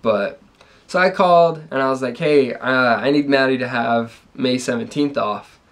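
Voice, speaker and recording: A man's voice: mid-range voice, moderate pace, a bit bright. A young adult man casually telling a story on a vlog, laid-back and rambling with lots of ums. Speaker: vlogger's fiancé.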